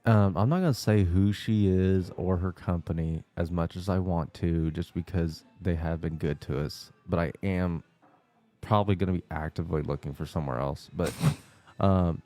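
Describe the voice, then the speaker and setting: A man's voice: deep voice, fairly even intonation, normal speed, dark tone. A young man co-hosting a podcast, telling a story in casual chat and acting out the phone calls. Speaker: podcast co-host.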